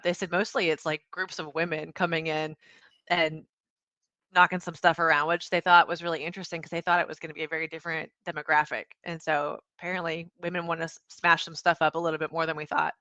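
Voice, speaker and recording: A woman's voice: on the low side, no room sound, highs cut off. A woman, a podcast guest, talking casually in an interview and acting out bits of quoted dialogue. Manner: animated, acts out quoted dialogue. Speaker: podcast guest, founder and CEO.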